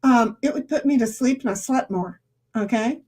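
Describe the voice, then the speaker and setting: A woman's voice: fairly high pitch, moderate pace, mellow. A woman streamer chatting casually with her viewers, rambling and laughing often. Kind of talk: casual live-stream chat.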